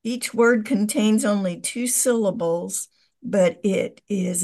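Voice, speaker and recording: A woman politely introducing and reading aloud a short piece of her writing. She reads slowly and carefully. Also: mid-range voice, gravelly, a little mellow.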